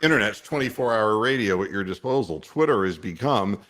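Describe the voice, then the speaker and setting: An older man hosting a talk show, telling a story with animated swings in pitch and frequent laughter. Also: fairly quick. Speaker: radio host.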